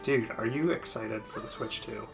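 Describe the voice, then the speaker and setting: A woman's voice: a bass voice, normal speed, music in the background. A woman co-hosting a let's play, chatting casually and reading game text aloud in a playful, teasing way.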